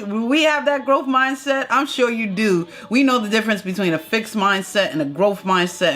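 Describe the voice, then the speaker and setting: A woman's voice: medium pitch, a bit bright. A woman in her thirties giving an earnest motivational talk to her viewers, repeating phrases like affirmations. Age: 30s. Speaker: motivational vlogger. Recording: music playing behind the voice.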